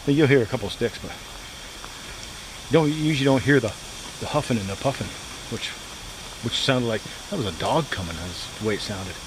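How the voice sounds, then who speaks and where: A man casually chatting to the camera at a campsite in the woods, rambling and repeating himself in a relaxed way. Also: mid-range voice, a little fast, long pauses. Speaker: outdoor vlogger. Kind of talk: casual solo camping vlog. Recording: outdoor recording with steady background noise.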